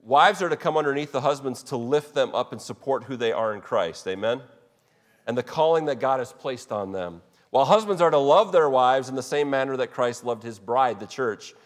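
Preaching pastor in a reverberant hall. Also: male voice, mid-range voice. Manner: earnest, emphatic preaching with repeated restarts. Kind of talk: sermon. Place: church sanctuary.

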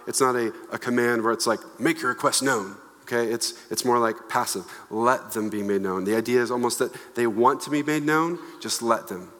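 A man preaching a conversational, lively sermon with a bright, forward tone. His voice carries a long echo from the church hall around him, and he keeps slipping in playful asides. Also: medium pitch. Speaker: pastor.

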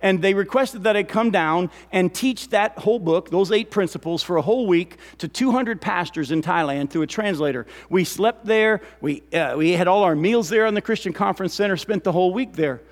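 A man with a high voice preaching an animated sermon in a church, throwing questions at his listeners. His voice rings with the long reverb of a large hall. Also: a little fast, few pauses. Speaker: pastor.

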